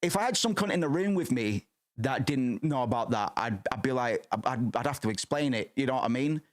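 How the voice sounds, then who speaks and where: A man's voice: medium pitch, lively intonation, brisk. A man in his thirties chatting casually as a streamer, rambling, swearing freely and restarting his sentences. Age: 30s. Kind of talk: casual chat.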